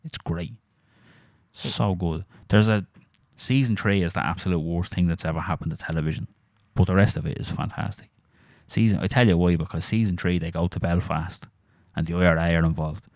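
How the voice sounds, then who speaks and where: An Irish man chatting casually on a podcast, sweary and animated as he tells stories. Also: sits low, fairly quick, no room sound, clean studio sound. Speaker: podcast co-host. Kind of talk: casual chat.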